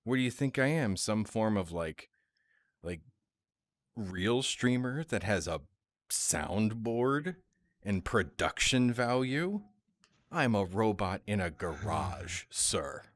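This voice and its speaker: A man's voice: on the low side, very animated, slow, dry recording. A man hosting a casual livestream chat, jokey and rambling, with many restarts. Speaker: host.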